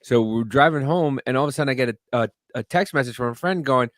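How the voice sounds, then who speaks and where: A man's voice: medium pitch, quick pace, few pauses, no room sound, studio quality. A man in casual podcast chat, animatedly telling a story and acting out what people said. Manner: animated storytelling, acts out quotes.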